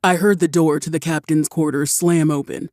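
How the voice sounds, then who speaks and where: A woman narrating a first-person audiobook with wry, expressive storytelling. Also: low voice, moderate pace, no room sound, studio quality.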